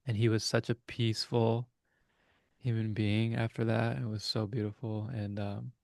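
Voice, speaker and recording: A man's voice: fairly low pitch, level tone, normal speed, creaky, darkish tone, no echo, studio quality. A young adult man co-hosting a casual reflective chat over a video call, talking in an earnest, rambling way as he searches for words. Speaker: co-host.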